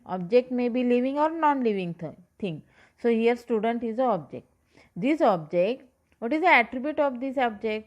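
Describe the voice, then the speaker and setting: Woman teaching a lesson. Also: on the high side. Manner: repeats points, asks "okay?" and "understood, student?". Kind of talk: classroom lecture.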